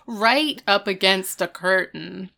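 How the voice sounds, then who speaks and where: A woman's voice: mid-range voice, slow pace, creaky, sharp tone. A woman in her thirties, casually retelling TV scenes with lots of fillers. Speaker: podcast co-host recapping a TV episode. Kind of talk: casual chat.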